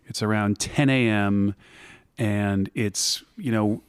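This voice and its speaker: A man's voice: fairly low pitch, steady tone, slow, clean tone, no echo, studio quality. A middle-aged American man telling his story as an interview guest, reflective and prone to restarts. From United States. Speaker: guest, whisky maker. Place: blending room in an office.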